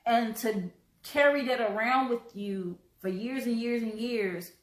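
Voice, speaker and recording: A woman hosting a live stream, talking earnestly with halting restarts and repeated words, choked up and coughing now and then. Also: fairly high pitch, reverberant, rough recording. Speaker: host.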